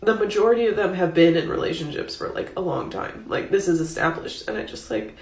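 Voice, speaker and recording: Brief: a tearful woman, halting and apologetic, gravelly, in an echoey room. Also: fairly low pitch, animated, darkish tone. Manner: halting, filler-heavy, apologetic. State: crying. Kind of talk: confessional vlog.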